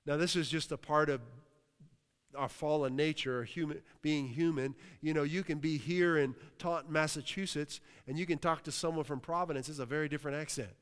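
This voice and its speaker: A man from Western Pennsylvania preaches quickly in a clear, resonant voice that is a little high, steady, and fairly bright. He calls out hallelujah and addresses the congregation directly, with a long hall reverb on the recording.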